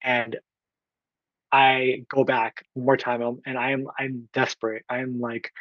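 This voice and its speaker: A man in his twenties from Oakland, California, tells his own story earnestly as a podcast guest, acting out what people said to him and using lots of fillers. His voice is medium-pitched and flat at a moderate pace, and the recording is muffled with no room sound.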